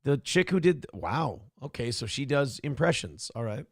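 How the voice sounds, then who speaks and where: A man's voice: medium pitch, sing-song, moderate pace, no echo, studio quality. A man hosting a live-stream talk show, ranting in a profane, exasperated, rambling way.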